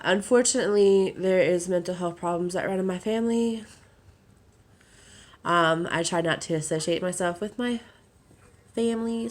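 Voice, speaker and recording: Hoarse, subdued young woman. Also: lowish voice. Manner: subdued, halting, many fillers. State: hoarse from crying. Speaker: vlogger. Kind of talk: casual vlog.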